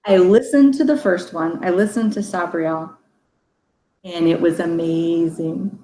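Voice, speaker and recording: A chatty woman hosts a relaxed book discussion, rambling with fillers and breaking into laughs. Her voice sits at an ordinary pitch. The room is echoey, with a faint hum of ambient noise behind her. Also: measured pace. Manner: chatty, laughs often, many fillers and restarts. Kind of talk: casual chat.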